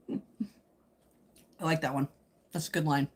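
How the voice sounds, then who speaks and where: A woman hosting a casual live stream, answering viewer comments in a chatty, teasing way, with a slightly husky voice. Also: deep voice, drawn-out words. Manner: speaks while eating. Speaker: livestream host chatting with viewers.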